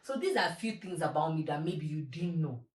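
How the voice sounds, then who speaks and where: Young woman, podcast host, low-pitched, candid and self-mocking, echoey room sound. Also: animated, a little fast. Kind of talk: solo confessional podcast. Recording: roomy echo.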